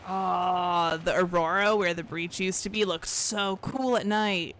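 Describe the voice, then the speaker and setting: A woman's voice: on the low side, measured pace, a bit bright, slight background noise. Chatty woman streaming a game. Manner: chatty, laughs at herself, talks to herself. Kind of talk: casual gameplay commentary.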